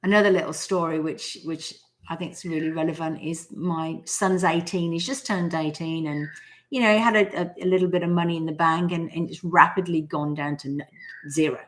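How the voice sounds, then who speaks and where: A woman's voice: sits low, fairly even intonation, a little fast. An Australian woman in her forties hosting a live stream, talking casually and telling stories with acted-out quotes. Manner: chatty storyteller who acts out quotes.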